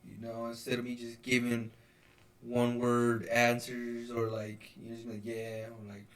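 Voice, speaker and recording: A man's voice: medium pitch, completely flat delivery, measured pace. A young man co-hosting a casual podcast chat, rambling at length with lots of swearing and "you know, like" fillers. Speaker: podcast co-host.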